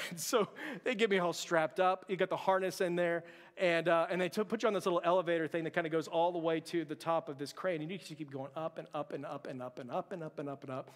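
Pastor guy preaching, funny storytelling, goes quiet and hushed for his own thoughts, kinda high voice, big echoey church hall. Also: quick pace. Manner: animated and humorous, drops to a hushed voice for quoted thoughts. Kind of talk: sermon with personal storytelling. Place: church sanctuary. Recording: church hall with long reverb.

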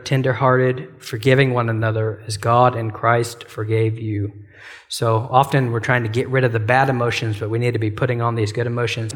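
A man's voice: medium pitch, in a large hall. Casual-talking man teaching from the Bible. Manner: conversational, frequent "like" and "you know", acts out quoted prayers and apologies.

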